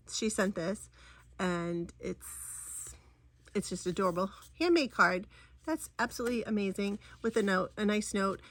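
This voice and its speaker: A woman's voice: on the low side, a bit bright, no room sound. A middle-aged woman chatting through a cross-stitch vlog, rambling and gushing, with many ums and restarts. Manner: gushing over crafts. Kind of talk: casual chatty show-and-tell.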